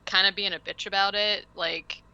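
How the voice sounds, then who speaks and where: A woman hosts a casual podcast, recapping a film in a loose, animated way. Her voice is very bright and ringing. She leans on fillers and asides as she talks. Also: mid-range voice, moderate pace, smooth, no room sound, highs cut off. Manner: chatty, animated retelling with lots of "like". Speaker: podcast host.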